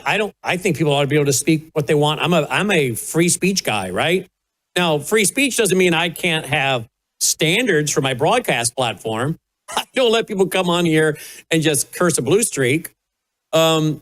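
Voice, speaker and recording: A talk show host, a man, riffs on the news in a loose, folksy way. His voice sits a little high and moves up and down a lot. He often trails off and restarts as he thinks aloud. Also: fairly bright tone. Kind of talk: casual commentary.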